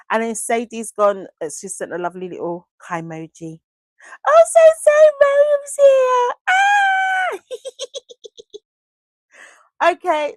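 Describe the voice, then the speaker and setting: A woman hosts a casual craft livestream, reading out comments and calling viewers by pet names. Her voice sits on the higher side and swings widely in pitch. The sound is close and dry at her desk mic. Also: no room sound. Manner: chatty and gushing, affectionate pet names. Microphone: desk microphone.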